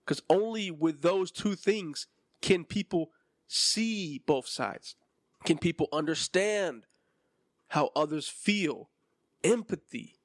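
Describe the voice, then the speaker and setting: A man in his twenties carries a solo podcast in an impassioned, emphatic rant. His voice sits a little high for a man. The recording is dry and close, with no room echo. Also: animated, takes it slowly. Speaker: podcast host.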